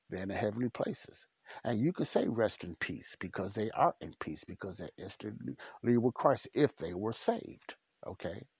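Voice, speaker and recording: A man's voice: low voice, darkish tone, husky, dry recording, lo-fi sound. A man preaching a podcast sermon in a blunt, repetitive, emphatic way.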